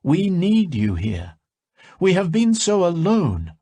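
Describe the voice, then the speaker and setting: A man's voice: high voice, wildly swooping pitch, takes it slowly, mellow, husky, no echo, voice pushed up, heavily acted. A man voicing the menacing, lonely spirit of a dead father in an audiobook, cold and possessive.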